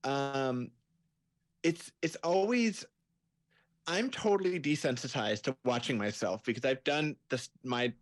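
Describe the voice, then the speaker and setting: A man's voice: mid-range voice, a little slow, no room sound. A man who directs and acts, explaining his work at length in a casual interview. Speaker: director, writer and actor.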